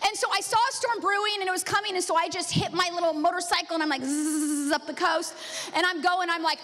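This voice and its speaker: High-voiced woman preaching in a reverberant hall. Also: fairly quick. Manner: animated storytelling, laughing often. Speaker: pastor. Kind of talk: sermon. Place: church sanctuary.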